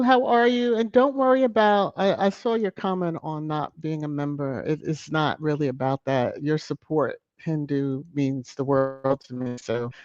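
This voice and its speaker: A live-stream host chatting casually while reading viewer comments, greeting people in bursts of high, excited energy. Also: no room sound, highs cut off.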